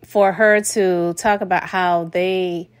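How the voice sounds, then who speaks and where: A woman hosting a podcast, talking in casual commentary with quick, playful, sardonic asides. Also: on the low side, steady tone, smooth, no echo. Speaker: podcast host.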